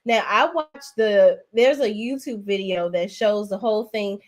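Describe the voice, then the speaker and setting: A woman's voice: mid-range voice, measured pace. A woman hosting a casual livestream, chatting in a sassy, talkative way and calling her viewers "y'all". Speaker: livestream host.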